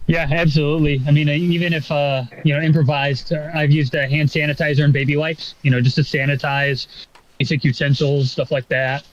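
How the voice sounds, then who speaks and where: A man's voice: a little high, level tone, fairly quick, a little hiss or hum. Rambling man on a dull mic. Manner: rambling, many fillers and profanity. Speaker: podcast co-host. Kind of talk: casual chat.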